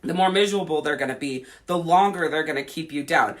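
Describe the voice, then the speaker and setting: A woman life coach on a livestream answers viewer comments bluntly, swearing heavily and acting out quoted voices. Her voice is low and her pace quick.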